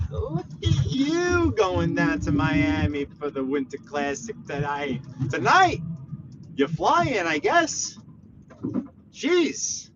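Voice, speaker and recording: A man chatting with his live viewers while driving, joking and teasing in an animated way. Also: fairly high pitch, takes it slowly. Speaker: live-streaming driver. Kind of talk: casual live-stream commentary while driving. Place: inside a moving car. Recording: dull lo-fi car audio with faint road noise.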